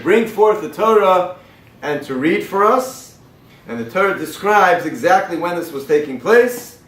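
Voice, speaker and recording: A male rabbi teaching a sermon-style class who quotes verses and translates them, swinging between loud emphatic lines and quiet hushed ones. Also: on the high side. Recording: echoey room, mic far off, faint noise.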